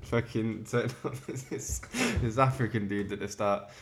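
A man co-hosting a podcast, chatting casually in a low-key, dry, understated way. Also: steady tone, unhurried. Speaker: podcast co-host. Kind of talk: casual chat.

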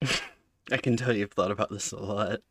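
A young man ribbing his co-host on a casual podcast. His voice sits a little low. He teases in a dry, deadpan way. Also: normal speed, no echo. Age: young adult. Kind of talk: casual comedic chat.

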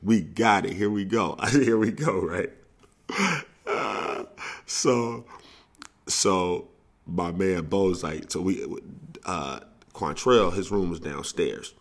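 A man's voice: low-pitched, slow. A man hosting a podcast, telling a long casual story in a rambling way, repeating and restarting phrases and laughing often. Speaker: podcast host, coach.

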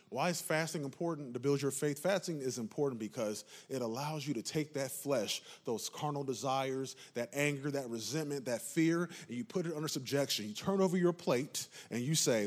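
A pastor with a mid-range voice preaches an impassioned sermon at normal speed with lively intonation. He asks the congregation if they're with him in call-and-response asides and rises to emphatic peaks.

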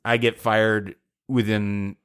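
A man's voice: on the low side, little pitch movement, slow, fairly bright tone, clear, resonant tone. A middle-aged man co-hosting a podcast, telling a long, rambling, self-deprecating story in casual chat. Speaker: podcast co-host.

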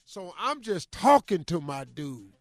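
An older male radio host in his sixties, telling a comic family story with animated delivery. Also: high voice, a little slow, no room sound, studio quality. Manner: animated, shouts in acted quotes.

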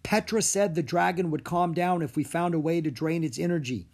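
A man's voice: fairly high pitch, fairly quick, darkish tone, voice pushed up. A man voicing a brave young boy who trains dragons, speaking in an earnest, eager tone.

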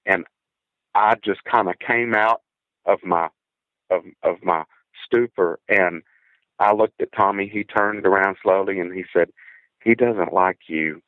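A man with a very low, deep voice tells an encounter story from his past over a thin, tinny phone line with no room sound at all. He speaks earnestly and haltingly, often repeating a word before pressing on. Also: steady tone, no room sound. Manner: earnest, halting, repeats words when tense. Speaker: guest telling a personal encounter story. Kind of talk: first-person encounter story.

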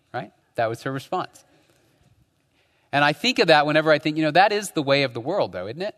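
A man's voice: fairly high pitch, very animated, fairly quick, a bit bright, big-room sound. A man preaching a sermon as pastor, talking conversationally and often tagging his points with rhetorical questions. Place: church.

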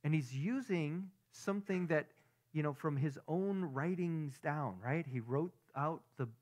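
A man's voice: fairly high pitch, unhurried, a little mellow. Conversational man preaching to a group. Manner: conversational preaching, lots of rhetorical questions. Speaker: pastor. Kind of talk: sermon.

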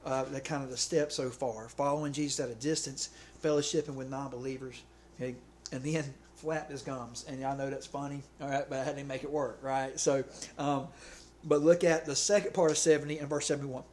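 A man's voice: mid-range voice, fairly even intonation, a little fast, darkish tone. A man preaching a sermon in a conversational way, often checking in with his listeners. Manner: conversational, checks in with "okay" and "right".

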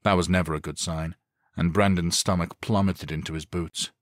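A man narrating an action thriller audiobook in a steady, deliberate way. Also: sits low, no room sound, clean studio sound. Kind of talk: scripted narration.

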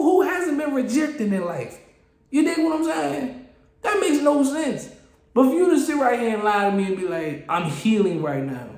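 A man hosting a solo podcast, ranting in an animated, exasperated way and often repeating and restarting his phrases. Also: very high-pitched, roomy sound. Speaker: podcast host. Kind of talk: casual solo podcast rant.

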